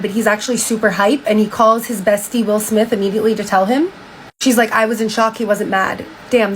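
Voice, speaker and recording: A woman's voice: on the high side, slight background noise, poor audio. A young woman casually retelling a book for social media, chatty and full of "like", reacting with disbelief. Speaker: TikTok storyteller.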